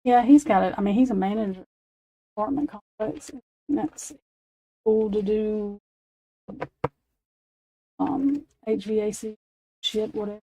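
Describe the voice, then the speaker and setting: Woman, 40s, late-night streamer, salty and rambling, mid-pitched with a mellow tone. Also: unhurried, long pauses, dry recording, poor audio. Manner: profane, rambling storytelling with laughs. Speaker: livestream host. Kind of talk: casual late-night chat.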